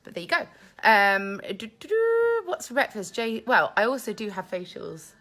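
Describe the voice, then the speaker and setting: A woman's voice: mid-range voice, expressive, normal speed, bright, forceful tone. A woman hosting a casual live Q&A from home, chatting and reading viewer comments aloud into a handheld phone. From England. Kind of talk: casual live-stream chat. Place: at home with family. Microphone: phone held in hand.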